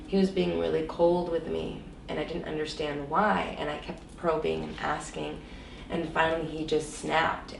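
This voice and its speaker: A woman with a lowish, gravelly voice tells a painful personal story in an interview, pouring it out with lots of "like" and "you know". She sits back from the microphone in a roomy, echoing space. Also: far from the mic, slight background noise. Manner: emotional, many fillers like "like" and "you know". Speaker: interview guest. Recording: echoey room, voice set back from the mic.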